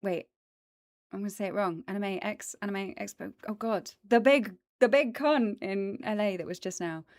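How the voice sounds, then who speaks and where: A woman's voice: medium pitch, normal speed, darkish tone, no room sound. A woman hosting a casual livestream, chatting enthusiastically with viewers and filling gaps with ums, close to a desk microphone. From British and American. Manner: chatty, enthusiastic, lots of ums and asides to chat. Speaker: voice actress hosting a plant stream. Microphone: desk microphone in front of her.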